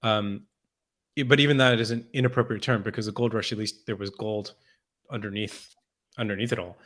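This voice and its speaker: A man's voice: fairly low pitch, fairly even intonation, fairly quick, a bit bright. A man as a podcast guest, talking in a thoughtful, conversational way with many restarts and repeated words. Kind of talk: conversational interview.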